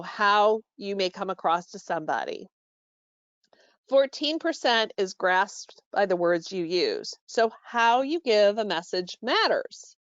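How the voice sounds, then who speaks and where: A woman walks staff through a training call in an instructive way, stopping often to correct herself. Her voice sits in a middle pitch. The audio is dull and dry, like a web-call microphone. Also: no echo. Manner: instructive, with frequent fillers and self-corrections.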